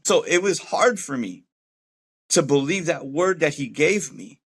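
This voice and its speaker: A man's voice: on the high side, animated, a little slow, slightly rough. A middle-aged man telling his life story as a personal testimony in a loose, conversational way, full of fillers and acted-out quotes. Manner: conversational, acts out quoted voices, many fillers. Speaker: testimony speaker.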